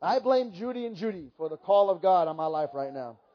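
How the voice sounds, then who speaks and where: High-voiced preaching man, lo-fi sound. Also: fairly quick. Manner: animated storytelling with swings from hushed to loud. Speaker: pastor. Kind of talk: sermon testimony. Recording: dull lo-fi sermon recording.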